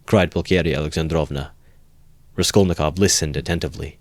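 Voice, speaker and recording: Deep-voiced male amateur narrator, calm, even reading of a classic novel, dry close sound. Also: fairly quick, dry recording. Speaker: amateur audiobook reader.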